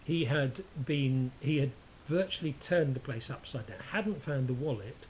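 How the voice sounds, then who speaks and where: A man's voice: medium pitch, animated, moderate pace, darkish tone, rough recording. A man telling a story in a casual chat, hesitant with many ums and a dry teasing humour, over a faint hiss.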